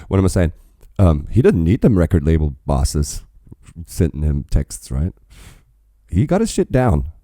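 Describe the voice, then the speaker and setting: A man with a very low, mellow voice comments on a song in a loose, profane, rambling way. His pitch swings widely as he gets worked up. The sound is dry and close, with no room echo. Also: sing-song, measured pace, long pauses. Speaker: reaction video host. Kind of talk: casual reaction commentary.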